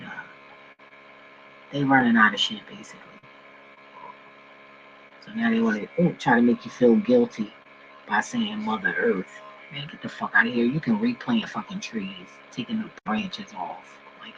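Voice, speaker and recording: A man vents to his viewers in a casual, profane rant, jumping from loud outbursts to muttered asides. His voice sits at a middling pitch. The recording is dull and lo-fi, with a faint mains hum underneath. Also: gravelly. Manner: profane, swings between loud outbursts and low mumbling. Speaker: vlogger.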